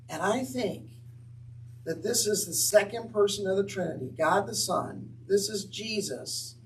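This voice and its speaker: A man's voice: sits high, normal speed, vocal fry, far from the mic, poor audio. A man teaching on scripture in an earnest, conversational way with wry asides. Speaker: Bible teacher. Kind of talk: Bible teaching talk.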